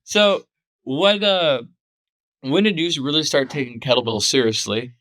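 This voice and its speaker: A man with a bright, forward voice hosts a loose podcast chat. He trips over his words and restarts often as he feels his way through a point. The sound is close and dry. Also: a little high, measured pace, dry recording. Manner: rambling and stammering, with frequent restarts. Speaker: podcast host. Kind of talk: casual podcast conversation.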